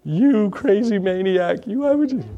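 A man's voice: high voice, lively intonation, a little slow, warm tone, dull audio, pitched above the performer's own voice. A man quoting his upset children, raising his voice as he tells a story. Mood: accusing. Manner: pleading, accusing. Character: upset young children mourning a pet.

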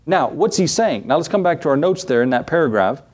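A man's voice: a little high, animated, brisk, slight background noise. A man, a preacher in his thirties, giving a conversational sermon with scripture readings, folksy and full of rhetorical questions and chuckles.

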